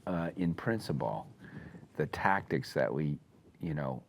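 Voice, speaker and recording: A man co-hosting a casual talk, speaking in a slow, halting, reflective way with many restarts. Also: rumbling low, animated, vocal fry, slight background noise. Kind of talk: casual discussion.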